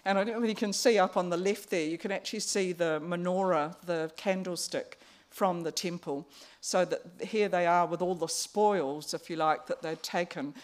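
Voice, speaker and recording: A woman preaching a conversational sermon, pausing on fillers and restarts. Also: on the low side.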